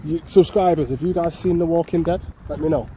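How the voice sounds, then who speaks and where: A man's voice: on the high side, a little fast, warm tone, slight background noise, low-quality recording. A man with a Mancunian accent chatting to his viewers in a casual, jokey walking vlog outdoors, swearing freely. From North West England. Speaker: vlogger. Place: outdoor parkland.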